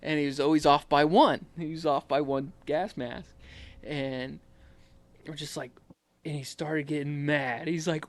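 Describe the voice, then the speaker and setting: A man in his twenties, a podcast guest, telling army stories in a casual, animated way and often breaking into laughter. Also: a little high, moderate pace, no echo. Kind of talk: casual storytelling.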